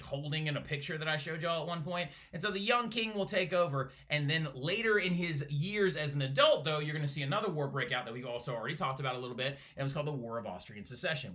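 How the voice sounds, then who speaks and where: A male history teacher lectures in a lively, bouncing voice. His tone is bright and a little high, and he keeps checking in with "right?" as he goes. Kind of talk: recorded classroom lecture.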